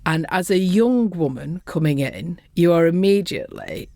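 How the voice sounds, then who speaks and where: A middle-aged woman with a softened Lancashire accent, talking bluntly and earthily as a guest in a casual interview. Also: fairly low pitch, animated, normal speed, dry recording. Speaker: podcast guest, construction safety professional.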